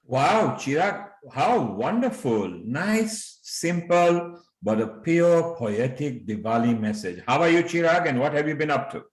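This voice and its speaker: A man's voice: a little high, very animated, measured pace, hardly any pauses. A man hosting a live online show over a video call, greeting and praising his guests with effusive compliments. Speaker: host. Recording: echoey room on video call.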